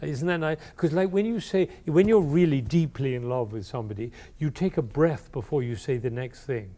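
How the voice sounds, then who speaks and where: A man's voice: medium pitch, moderate pace, warm tone. A man coaching a horn player in a class, encouraging and singing phrases aloud to show how they should go. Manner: sings phrases to demonstrate, enthusiastic and encouraging. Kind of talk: masterclass coaching. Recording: live class with horn playing in between. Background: horn playing.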